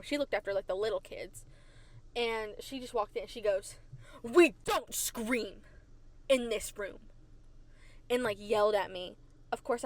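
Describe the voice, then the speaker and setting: A woman hosting a podcast, telling stories from her childhood in a chatty, animated way and repeating phrases for emphasis. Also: medium pitch. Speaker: podcast host. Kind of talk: casual storytelling. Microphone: desk microphone.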